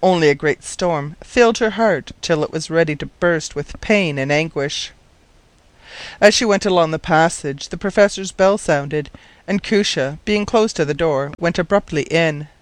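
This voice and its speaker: A man narrating a storybook in a measured, wry manner, his voice sitting slightly higher than most men's. The recording is dry and close, with no room sound. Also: dry recording. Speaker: audiobook narrator. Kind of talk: scripted narration.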